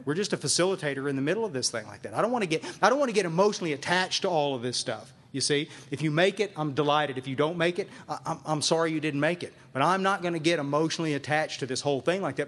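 Emphatic higher-voiced man. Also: animated, fast talker, few pauses, a bit bright. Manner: emphatic, repeats phrases for emphasis. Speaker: recovery group speaker and sponsor. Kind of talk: speaking to a live meeting audience. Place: meeting room with a live audience.

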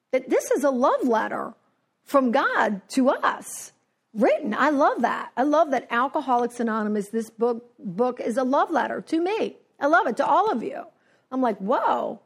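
Brief: woman, higher voice with a gravelly edge, animated storyteller giving a personal recovery share. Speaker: speaker sharing at a recovery meeting. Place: New Jersey.

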